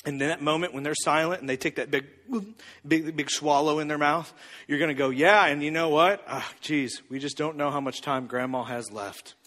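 A man's voice: fairly high pitch, fairly even intonation, brisk, bright, forceful tone, voice pushed down. A man playing a cocky, smug advice guru who teases and drills the audience. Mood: scheming. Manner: mock-confident, teasing, drills the audience. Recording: reverberant hall.

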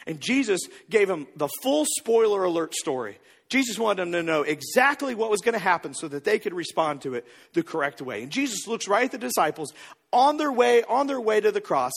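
A man preaching a sermon as pastor, animated and repeating words as he builds each point. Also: high voice, slightly rough.

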